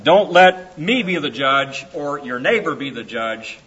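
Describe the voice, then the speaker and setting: A man's voice: a little high, expressive, a little slow, fairly bright tone, husky. A man leading a church service, speaking in a folksy, conversational and encouraging way as he introduces a hymn. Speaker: song leader in a church service. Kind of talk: informal sermon and song introduction. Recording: dull lo-fi church recording with faint music.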